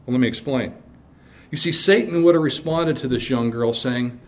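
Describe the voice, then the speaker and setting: A man's voice: mid-range voice, normal speed, lo-fi sound. A male pastor preaching a sermon, reading scripture aloud and mixing jokes with stern warnings.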